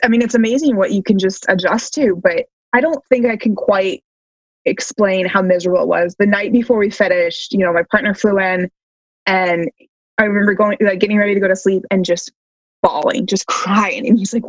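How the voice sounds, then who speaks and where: A woman's voice: mid-range voice, fairly quick, no room sound, lo-fi sound. A woman runner talking casually as an interview guest, chatty and self-deprecating, filling her speech with "like". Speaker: long-distance runner guest.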